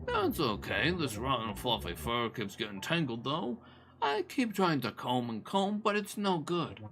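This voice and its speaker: A man's voice: mid-range voice, big pitch swings, a little slow. Grumbly sing-song cat, a man's put-on voice. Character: grumpy tangled-furred young cat. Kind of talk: voice-acting a visual novel on stream. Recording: music playing behind.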